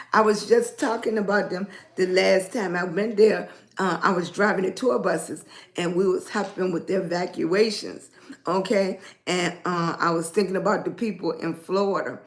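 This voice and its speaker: A hoarse, raspy-voiced woman hosting a casual livestream, greeting chat viewers by name as she chats. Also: mid-range voice. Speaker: livestream host.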